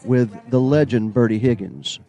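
A man's voice: mid-range voice, moderate pace, warm tone. A man hosting a live broadcast from an old theater, chatting with enthusiasm and lots of fillers. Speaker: broadcast host. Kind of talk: casual live broadcast chat.

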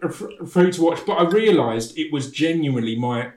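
A man's voice: on the high side, animated, normal speed, darkish tone, roomy sound. A man talking casually as a podcast guest, with a stammer that catches on the first sounds of words. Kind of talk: casual chat.

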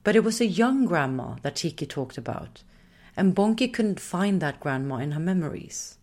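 A woman narrating a storybook in a slow, gentle storytelling manner. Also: fairly low pitch, expressive.

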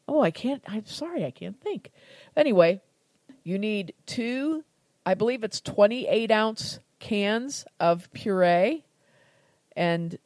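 A chatty American woman in casual conversation, her voice sitting a touch low. She jokes at herself and laughs easily as she talks a recipe through, recorded close and dry with no room around her. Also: a little mellow, no echo. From United States. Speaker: cooking podcast host. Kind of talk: casual cooking chat.

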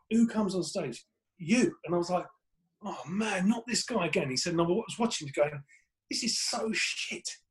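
A man's voice: high-pitched, low-quality recording. A man, a comedian guest on a podcast, telling rambling anecdotes in casual chat with plenty of swearing.

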